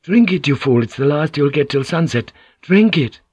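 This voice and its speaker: Harsh, scornful seaman, loud and barking; a male audiobook reader doing the voice. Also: fairly high pitch, expressive, moderate pace, breathy edge, no echo, pitched above the performer's own voice. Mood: impatient. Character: harsh, contemptuous male sailor. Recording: dull, lo-fi.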